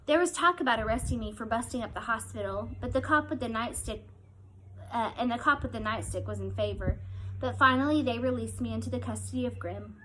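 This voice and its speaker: A woman's voice: on the high side, brisk, fairly bright tone, slight background noise, poor audio. A woman reading a first-person novel aloud in an earnest storytelling manner. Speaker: audiobook reader.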